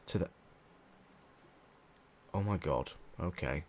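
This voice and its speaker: A man's voice: low-pitched, measured pace. A young English man commentating his game play from a small room at home, jumpy, panicky and swearing a lot. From England. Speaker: gamer.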